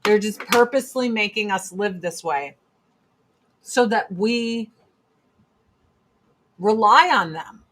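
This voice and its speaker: A woman's voice: mid-range voice, lively intonation, takes it slowly, pauses often, a bit bright. A woman hosting a casual monologue chat, blunt and emphatic, repeating her points for force. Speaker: host.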